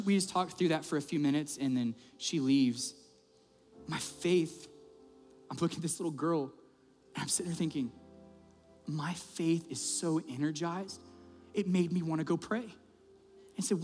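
A man preaching a sermon as the pastor, telling stories in an animated, conversational way in a church auditorium. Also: on the high side. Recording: long hall reverb with faint music.

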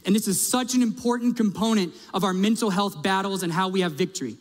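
A man's voice: high-pitched, fast. A male pastor preaching a sermon in a conversational, emphatic way, asking his audience direct questions. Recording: long reverb of a large hall.

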